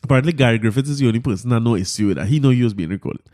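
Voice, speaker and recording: A man with a Trinidadian accent hosting a podcast, talking through the news in a casual monologue, animated and incredulous, often repeating his words. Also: medium pitch, very fast, dry recording, clean studio sound. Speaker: podcast host.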